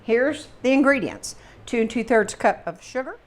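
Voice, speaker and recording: Chatty Southern woman, slightly high voice. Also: lively intonation, moderate pace. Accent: Southern American. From Southern United States. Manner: chatty, rambling, folksy asides. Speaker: home cooking channel host. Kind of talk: casual cooking demonstration.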